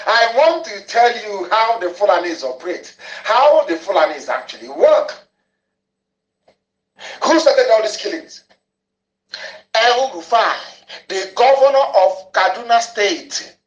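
Ranting high-voiced man. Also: very animated, a little slow, long pauses. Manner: angry, ranting, repeats phrases for emphasis. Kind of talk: impassioned broadcast monologue. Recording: echoey room, dull lo-fi audio.

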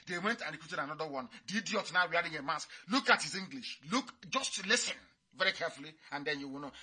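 A man's voice: a little high, bright, forceful tone, husky. A man giving a fiery, mocking radio address, repeating his points. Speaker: radio broadcaster.

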